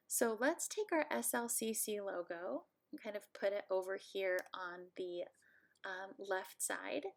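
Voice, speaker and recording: A woman instructor at home, giving a friendly, playful software tutorial walkthrough and joking about herself. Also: medium pitch.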